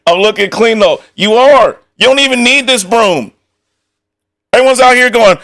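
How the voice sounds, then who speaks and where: A male streamer in casual live-stream commentary, excitable and slangy, swearing freely, laughing often and tossing in quick mock dialogue. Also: high voice, gravelly.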